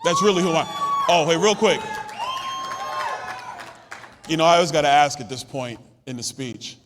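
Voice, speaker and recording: A man's voice: a little high, expressive, moderate pace, crowd noise, noisy background. A congressman from Brooklyn giving a political rally speech, telling stories in a conversational, punchy and rousing way at a podium microphone in a hotel ballroom. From Brooklyn, New York. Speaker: congressman speaking at a summit. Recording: long reverb of a large ballroom.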